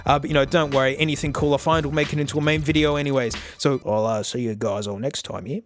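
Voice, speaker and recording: An Australian man hosting his own channel, chatting casually in an excitable, slangy way and chuckling often. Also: medium pitch, quick pace, a little hiss or hum. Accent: South Australian. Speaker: tech channel host. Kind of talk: casual vlog talk to camera.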